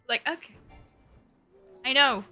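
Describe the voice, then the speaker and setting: A woman streaming a game, reacting out loud and swearing a lot in casual commentary. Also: high-pitched.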